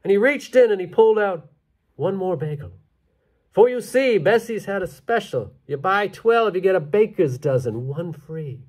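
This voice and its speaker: A man telling a story live on stage, animated and playful with dramatic pauses. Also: high-pitched.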